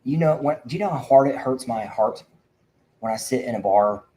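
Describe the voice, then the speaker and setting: A man's voice: medium pitch, moderate pace, warm tone, poor audio. A man hosting a livestream for veterans, preaching fervently and rambling with frequent restarts. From Indiana. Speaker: veteran advocate host. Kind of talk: livestream talk.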